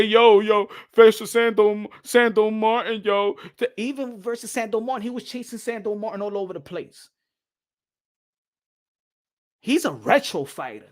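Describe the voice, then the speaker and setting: A man hosting a boxing show, talking in an animated, rambling way and slipping into Spanish. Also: very high-pitched. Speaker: boxing podcast host. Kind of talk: casual boxing commentary.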